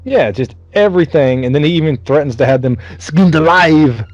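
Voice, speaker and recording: A man's voice: on the high side, moderate pace, no room sound, highs cut off. Profane man retelling a movie scene by scene. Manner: profane, animated retelling with mocking voices. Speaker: podcast co-host. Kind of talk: casual movie-recap chat.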